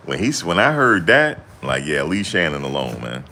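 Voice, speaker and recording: A man's voice: extremely low pitch, very animated, moderate pace, few pauses, bright, forceful tone, slight background noise. A young man chatting casually to camera in loose, slangy banter, often laughing. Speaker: vlogger.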